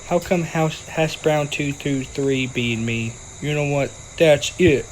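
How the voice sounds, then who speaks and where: A young gaming video creator with a medium-pitched voice offers casual, playful commentary over a video game, joking with the on-screen characters. Background noise runs underneath.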